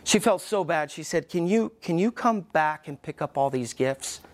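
A middle-aged man preaching a sermon as pastor in a church, emphatic, with pauses, and acting out the voices he quotes. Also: on the high side, expressive. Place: church sanctuary.

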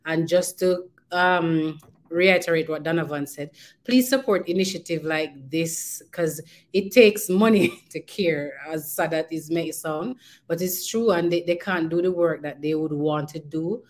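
A woman's voice: deep voice, measured pace. A Jamaican woman hosting a community talk show, chatting casually, slipping into patois and laughing easily. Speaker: show host.

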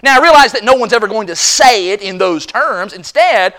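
A preacher delivering a sermon with a bright, edged tone. The pitch rises and falls widely from phrase to phrase. The delivery is emphatic, and the preacher slips into voicing the people being quoted. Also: lively intonation, brisk. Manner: emphatic, acts out quoted voices. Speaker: pastor.

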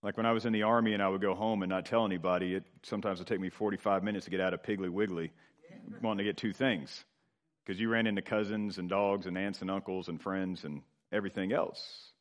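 Man preaching with rising and falling force. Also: quick pace. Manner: expressive preaching, swelling louder then dropping low and quiet. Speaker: pastor. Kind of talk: sermon.

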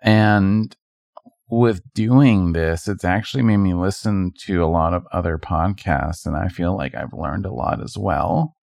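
A man's voice: sits low, unhurried, gravelly, a little mellow, dry recording, studio quality. A man co-hosting a podcast in casual chat, talking hesitantly as he searches for words. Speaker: podcast co-host.

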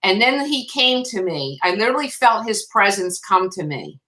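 A woman with a bright, forceful tone tells her faith story as a guest. She speaks emotionally, stumbling over restarts and repeating herself. Her pitch sits in an ordinary middle range. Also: sing-song, poor audio. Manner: emotional, halting, with frequent restarts. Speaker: guest author. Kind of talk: testimony in a faith interview.

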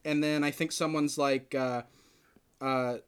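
A man hosting a podcast, chatting casually and retelling a film with lively acted-out quotes. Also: on the high side, measured pace, clean tone. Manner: animated storytelling, acts out quotes. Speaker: podcast host. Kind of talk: casual chat.

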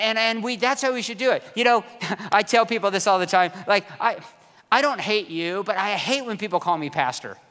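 High-voiced bright male pastor. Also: big-room sound. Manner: conversational and self-deprecating, repeats words. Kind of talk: sermon.

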